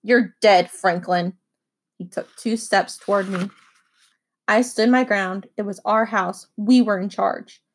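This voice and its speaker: A woman reading a children's novel aloud with expressive first-person narration. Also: mid-range voice, a little slow. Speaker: audiobook reader.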